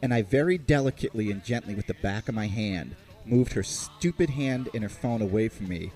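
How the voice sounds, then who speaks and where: A man hosting a podcast, telling a comic story in an animated, sarcastic way and swearing freely. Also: lowish voice, brisk, soft background music. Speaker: podcast host.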